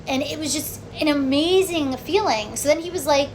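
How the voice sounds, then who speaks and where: Animated woman telling a personal story. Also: sits high, moderate pace, a little hiss or hum. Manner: animated, acts out quotes, frequent "okay?" and "like". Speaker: vlogger.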